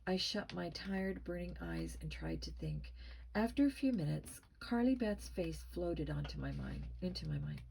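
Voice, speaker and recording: A woman narrating a spooky children's story with a tense, expressive reading. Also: fairly low pitch, normal speed, vocal fry, slight background noise, low-quality recording. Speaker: storybook reader.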